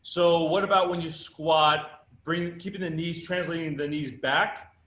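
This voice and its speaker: A man with a fairly high voice delivers an emphatic fitness workshop lecture. He keeps putting rhetorical questions to the room and answering them himself. The sound comes from an echoey event space. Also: steady tone, measured pace, a bit bright. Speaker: presenter at a fitness summit. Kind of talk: live workshop lecture with demonstration.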